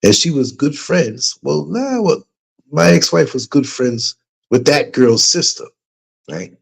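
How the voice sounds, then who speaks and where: A middle-aged man hosting a livestream, telling a story casually and putting on higher voices for the people he quotes. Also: sing-song, takes it slowly, creaky. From United States. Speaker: livestream host. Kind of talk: casual storytelling to a live chat.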